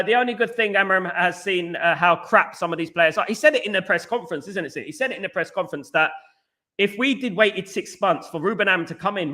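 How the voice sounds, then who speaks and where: London-accented male streamer, casual and chatty, bright edge to the voice, reacts to viewer comments. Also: high voice. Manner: casual, says big up and mate a lot. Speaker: fan channel host. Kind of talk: live chat-reading fan stream.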